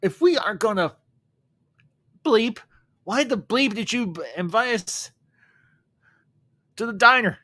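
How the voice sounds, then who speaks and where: A brash, foul-mouthed young stoner yelps in a high, pushed-up voice, as a man puts him on while retelling a film. He sounds loud and excitable, and the voice is close and dry. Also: a little slow, pauses often, no room sound, exaggerated voice.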